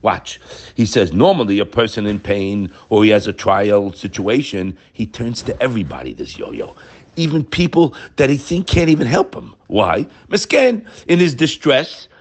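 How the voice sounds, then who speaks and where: A man giving an animated Torah talk, emphatic and full of rhetorical questions, mixing Hebrew terms into English. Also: medium pitch, normal speed. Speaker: rabbi giving a Torah class.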